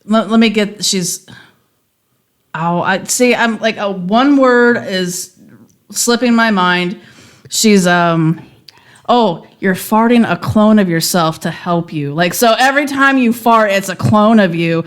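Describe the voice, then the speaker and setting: A woman's voice: medium pitch, slow. A woman co-hosting a podcast in casual, joking chat, rambling and restarting as she brainstorms. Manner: rambling, restarts often when brainstorming jokes. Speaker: podcast co-host.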